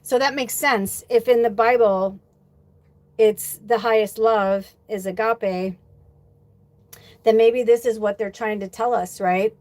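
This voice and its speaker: A woman's voice: fairly high pitch, steady tone, takes it slowly, darkish tone, dry recording. Chatty woman medium rambling on a livestream. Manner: chatty storyteller, acts out quoted dialogue; loose and rambling, swears casually. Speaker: spiritual medium hosting a livestream. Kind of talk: casual livestream monologue, reading viewer comments.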